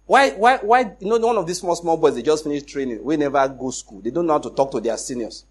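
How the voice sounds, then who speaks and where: Husky-voiced Nigerian man telling stories. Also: on the high side, fast. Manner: animated, acts out dialogue, laughs often. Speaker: speaker telling a personal story. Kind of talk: casual storytelling.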